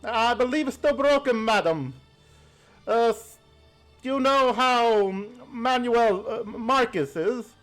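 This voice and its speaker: A woman's voice: a little high, slow, soft background music, pitched above the performer's own voice, low-quality recording. A woman voicing a polite, slightly flustered male farmhand who speaks hesitantly. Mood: apologetic.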